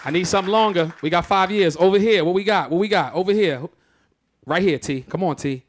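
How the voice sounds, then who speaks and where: A man doing a live stand-up comedy set on a theatre stage, telling stories in a loud, exclamatory, profane way. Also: sits high, a little fast, a faint crowd, slight background noise.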